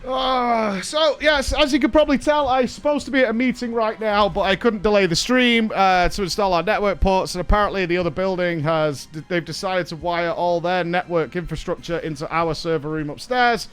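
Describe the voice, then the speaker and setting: A man streaming, telling a story in a casual, animated way, swearing and laughing along. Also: high-pitched, a little fast, few pauses, clear, resonant tone.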